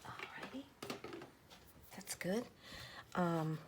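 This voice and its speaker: Woman half-whispering while she crafts, slow and gravelly, kinda low. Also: noisy background. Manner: murmuring to herself while arranging stamps, often whispering. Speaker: journal crafter. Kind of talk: soft-spoken crafting chat.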